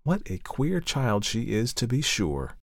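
A man voicing a kindly older mother who chides in a gentle, fond way. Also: medium pitch, lively intonation, brisk, no echo, studio quality, close to an everyday voice.

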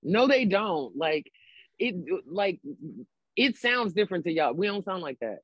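A man with a high voice and a dry, close sound, chatting in a group with a playful, animated manner. He is from Baltimore and often leaps higher to act out his own reactions. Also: a little slow, no echo, muffled recording. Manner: playful, animated, goes high for put-on lines. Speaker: panelist. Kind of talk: casual chat.

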